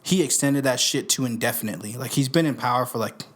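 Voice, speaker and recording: A young man hosting a casual podcast into a studio microphone, talking in a profane, slangy, animated way. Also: mid-range voice, quick pace. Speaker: podcast host.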